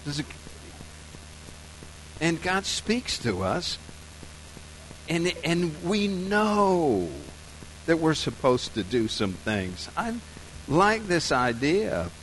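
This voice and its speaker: A man preaching a sermon, telling a story softly and slowly, then building to loud, emphatic points. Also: on the high side, sing-song, a little hiss or hum, low-quality recording. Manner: storytelling, soft and slow in scenes, rising loud and emphatic for points. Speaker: pastor.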